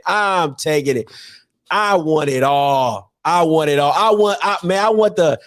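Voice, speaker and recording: A man hosting an online call-in show, talking in an animated, preachy and joking way full of slang. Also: sits high. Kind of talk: energetic call-in show monologue.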